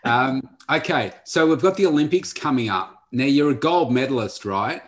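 A male podcast host in a casual chat, asking quick-fire questions. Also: medium pitch, lively intonation.

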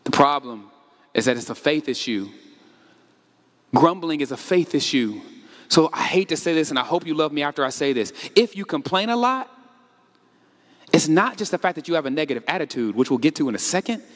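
High-voiced man preaching in a reverberant hall. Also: fairly quick. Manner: animated preaching, acts out the congregation's complaints. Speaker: pastor. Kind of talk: sermon.

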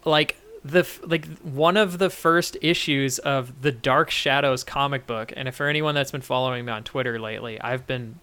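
Bright, clear-voiced man chatting casually. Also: mid-range voice, fairly even intonation, moderate pace, few pauses. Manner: rambling, many restarts and fillers. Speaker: podcast co-host. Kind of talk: casual chat.

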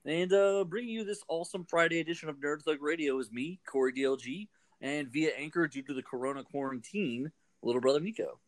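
A man hosting a casual radio show, joking and laughing easily with his guest. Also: fairly high pitch. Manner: jokey, laughs easily, quick asides.

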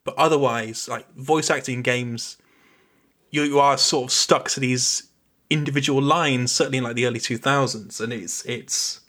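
A man's voice: medium pitch, fairly even intonation, normal speed, sharp tone. A man hosting a podcast, chatting casually and rambling through his thoughts. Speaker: podcast host.

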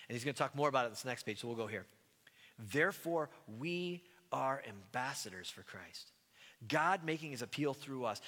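A man from the United States preaching a sermon in a conversational, self-deprecating way, with animated asides. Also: on the high side, in a large hall. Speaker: pastor.

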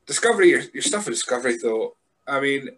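A man hosting a podcast, asking questions and adding joking asides with halting restarts. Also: mid-range voice, lively intonation, a bit bright. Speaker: podcast host. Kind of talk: casual podcast chat.

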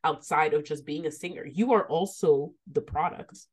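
Young woman co-host, casual podcast chat, candid, animated, slightly low voice. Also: normal speed, slightly rough. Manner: candid, animated, ranting with laughs.

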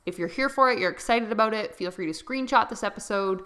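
Bright, chatty young woman podcast host. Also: mid-range voice, fast talker. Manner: chatty and rambling, often laughing. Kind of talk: unscripted solo podcast talk.

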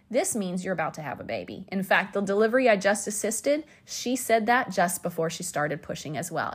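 A woman hosting a podcast, telling a personal story in a candid, chatty way with asides, and acting out quoted lines with sudden high shouts. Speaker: podcast host.

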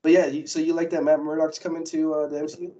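A man co-hosting a casual pop-culture podcast, talking excitedly and rambling with frequent laughs. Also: on the high side, fast, muffled recording. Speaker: podcast co-host. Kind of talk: casual chat.

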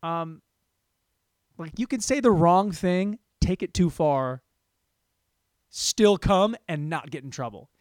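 A man's voice: fairly high pitch, slow pace, pauses often, darkish tone, no room sound, clean studio sound. A man in his thirties hosting a solo comedy podcast. He talks in a crude, rambling, self-mocking way. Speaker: podcast host.

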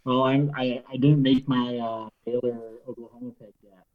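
A man's voice: medium pitch, flat delivery, moderate pace. A man co-hosting a casual sports podcast, laid-back and giving brief answers. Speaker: podcast co-host. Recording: dull lo-fi sound.

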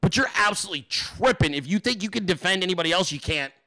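High, bright-voiced man ranting profanely. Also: expressive, quick pace, dry recording. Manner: emphatic, profane, rambling, addresses viewers and chat directly. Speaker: political livestream host. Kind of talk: casual profane political rant.

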